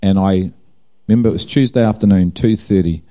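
A middle-aged man with a New Zealand accent preaches through a personal testimony. His voice sits low and sounds warm and mellow. He tells the story with humor at his own expense and acts out each exchange of dialogue. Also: brisk.

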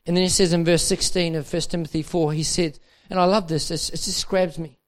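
A man with a high, bright-sounding voice preaching to a room of leaders. He drives his points home with repetition and swells into urgent, fervent emphasis. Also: level tone, brisk. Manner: impassioned, repeats phrases, rises to urgent emphasis. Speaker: pastor. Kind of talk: preaching a sermon. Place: dinner event hall.

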